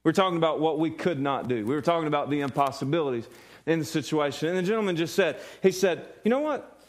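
Earnest man preaching, fairly high voice. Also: fast. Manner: repeats words and restarts often, earnest; asks the congregation questions. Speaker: pastor. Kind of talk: sermon.

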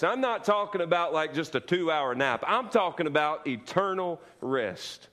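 A man's voice: fairly high pitch, lively intonation, normal speed, bright, forceful tone. A male pastor preaching a sermon, repeating key lines with emphasis and calling for the congregation to answer aloud. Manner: repetitive emphatic preaching with call-and-response.

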